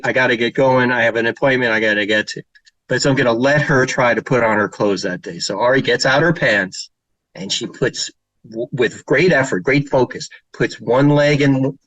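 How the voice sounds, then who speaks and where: A middle-aged man, a child therapist, gives a slide presentation in a mid-range, fairly bright voice, telling stories informally with fillers and sometimes mimicking children's voices. The recording is low quality with no room sound.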